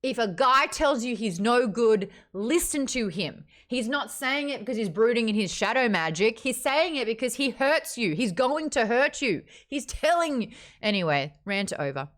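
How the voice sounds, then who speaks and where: A woman hosting a casual live-streamed book club, talking bluntly, swearing freely and ranting in an animated way. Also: a little high, moderate pace. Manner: animated, acts out quotes.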